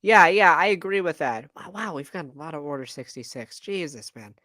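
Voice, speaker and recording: A man's voice: fairly high pitch, expressive, fairly quick, sharp tone, dry recording, studio quality. A man co-hosting a fan podcast in casual, enthusiastic chat with many fillers. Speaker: podcast co-host.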